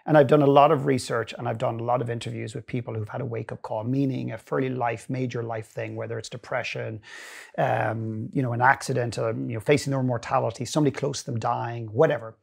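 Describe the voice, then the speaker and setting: A man's voice: medium pitch, fast, creaky, slightly rough. A middle-aged man, a guest and inspirational speaker, telling stories earnestly in a long interview, often restarting his sentences. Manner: earnest, animated storytelling with frequent restarts. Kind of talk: storytelling in a long-form interview.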